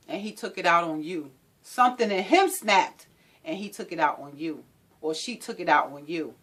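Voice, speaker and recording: A woman's voice: lowish voice, normal speed, a bit bright, slightly rough. A woman speaking as a domestic violence advocate, giving an impassioned talk with an emphatic, repetitive, preaching rhythm.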